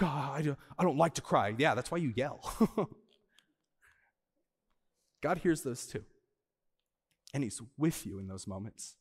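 A male pastor preaching a sermon to a church. He moves from soft, slow lines to loud, high bursts for emphasis and laughs lightly with the room. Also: big-room sound. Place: church auditorium.

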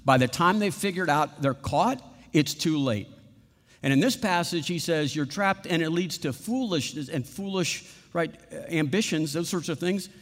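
A man preaching a sermon, animated, acting out little quoted voices and laughing at his own examples. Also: a little high, moderate pace, long reverb tail. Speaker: pastor.

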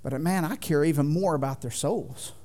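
A man in his thirties preaching a sermon in a church, folksy and joking with the congregation, swinging from loud to quiet. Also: a little high, brisk. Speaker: pastor. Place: church sanctuary.

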